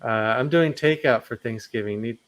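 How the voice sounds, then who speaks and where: A man's voice: mid-range voice, normal speed, a bit bright. A man hosting a livestream, reading chat comments aloud with easy laughter.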